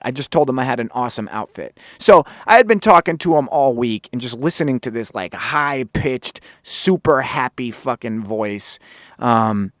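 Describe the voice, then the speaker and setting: A man hosting a podcast, telling a story in a casual, animated, profane and sarcastic way. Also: medium pitch, dry recording, studio quality. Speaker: podcast host.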